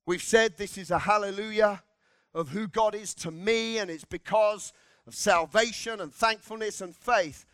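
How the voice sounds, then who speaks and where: High-voiced impassioned male preacher. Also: normal speed, clean tone, dry recording. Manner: impassioned, shouting in bursts, congregational call-and-response. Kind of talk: sermon. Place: church.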